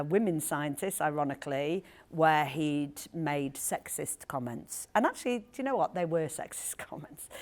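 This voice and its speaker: A woman author in conversation at a live event, telling an anecdote in a lively, animated way with quick asides. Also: low-pitched. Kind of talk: storytelling talk at a live event. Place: event hall with audience.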